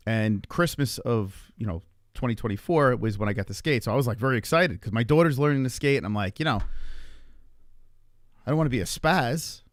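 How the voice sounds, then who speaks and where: A man in his forties telling a long story to his stream chat in a rambling, profane, animated way. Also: medium pitch, dry recording, studio quality. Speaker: live streamer.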